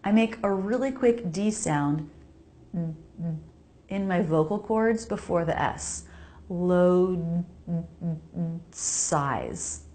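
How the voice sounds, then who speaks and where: A woman with an American accent teaching pronunciation, modeling each sound slowly and repeating words for the listener to copy. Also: mid-range voice, mellow. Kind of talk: slow pronunciation lesson.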